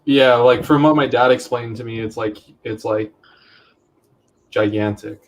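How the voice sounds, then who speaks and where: A man's voice: medium pitch, steady tone, unhurried, slight background noise. An easygoing man with an ordinary mid-range voice, chatting casually. He talks loosely, leaning on filler words as he thinks. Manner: easygoing, lots of "like". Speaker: podcast co-host. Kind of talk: casual chat with friends.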